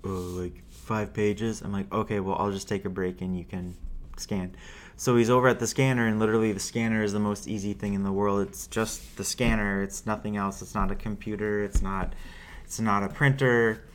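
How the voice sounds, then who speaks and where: A man's voice: on the low side, moderate pace, a little hiss or hum. A man telling stories as a guest on a casual podcast, acting out the voices of the people in them. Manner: animated, acts out other people's voices in his stories. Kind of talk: casual storytelling chat.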